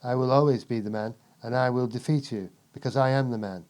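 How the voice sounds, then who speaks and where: A man's voice: mid-range voice, fairly even intonation, a little fast, a little mellow, natural voice. A man imitating a pompous boxer who speaks in grand, formal declarations. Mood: grandiose.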